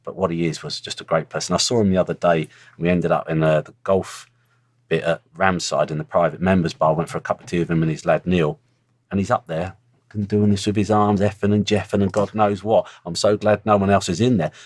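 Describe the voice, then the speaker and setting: Blunt middle-aged ex-pro, very low voice, close dry sound, casual storyteller. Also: male voice, steady tone, brisk, no echo. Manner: blunt, earthy storytelling with swearing. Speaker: former footballer, guest. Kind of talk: casual interview chat.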